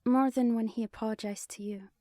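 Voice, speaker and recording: A woman voicing a young woman leader who is affectionate, teasing and commanding, in a lifted, bright voice, for a dry, close-miked audiobook reading. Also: steady tone, fairly quick, no room sound, natural voice. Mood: warm, musing. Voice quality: higher, bright put-on voice.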